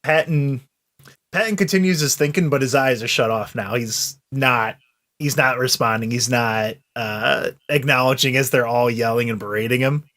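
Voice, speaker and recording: A man at a tabletop game describes what his character does. He talks it through out loud, often stopping to restart his sentences. His voice sits at an ordinary middle pitch. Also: moderate pace. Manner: thinks aloud with many restarts. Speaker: player. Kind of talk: tabletop role-play chat.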